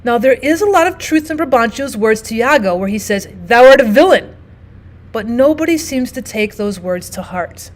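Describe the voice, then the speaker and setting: A woman with a fairly high voice walks through a literature lesson. She explains each point in a steady, patient way and often opens her sentences with "now" or "so". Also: normal speed, hardly any pauses. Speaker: literature teacher. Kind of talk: recorded lesson narration.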